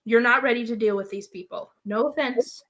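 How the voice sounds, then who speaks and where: A woman reading the part of a bossy, protective male pilot in a comic script read-through, her voice pitched a little low. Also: fairly quick, a bit bright, close to an everyday voice. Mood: urgent.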